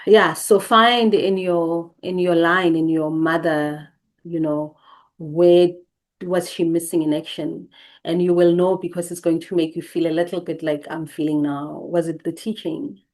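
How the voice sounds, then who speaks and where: Woman host, lowish voice, gentle reflective teaching delivery with repeated emphatic phrases. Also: steady tone, measured pace. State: briefly emotional.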